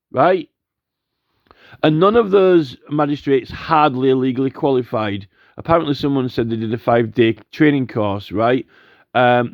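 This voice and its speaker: A man's voice: medium pitch, no echo. Argumentative man, rambling, muffled audio. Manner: argumentative, repeats "right?" constantly. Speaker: commentator. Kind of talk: rambling monologue. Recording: dull lo-fi audio.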